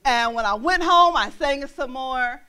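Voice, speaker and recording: A young woman minister preaches in a church with bright, high pitch and lively energy. She laughs often and slips into bits of song as she goes. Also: normal speed, smooth. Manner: animated, laughing, breaks into singing. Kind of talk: sermon.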